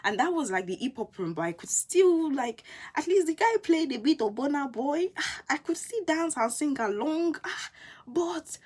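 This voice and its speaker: A young woman, a university student telling stories in a casual vlog, animated and full of quoted asides. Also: high voice, normal speed. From England. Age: young adult.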